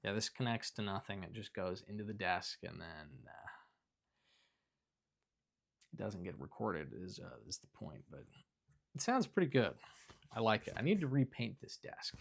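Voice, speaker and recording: A man's voice: on the low side, sing-song, moderate pace, gravelly, pauses often. A young man chatting casually as he reviews things around his house, rambling with lots of fillers and self-corrections. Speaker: video creator reviewing his belongings. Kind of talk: casual off-the-cuff review chat.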